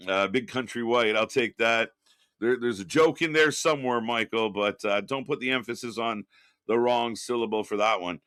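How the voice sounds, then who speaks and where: Recorded dry, this middle-aged man speaks at medium pitch and a moderate pace, his tone clean and fairly bright. Hosting a live stream from his home studio, he chats casually, reads viewer messages aloud and greets people, rambling with frequent fillers, restarts and some cursing.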